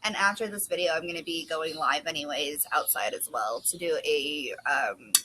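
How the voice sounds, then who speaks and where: A young woman with a bright, forward voice, chatting in a loose, rambling, self-deprecating way while a little hoarse. She is recorded on a phone outside on a covered porch, with a faint outdoor hum behind her. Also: low-pitched, normal speed, poor audio. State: losing her voice. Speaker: book vlogger. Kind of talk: casual chat. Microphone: phone camera.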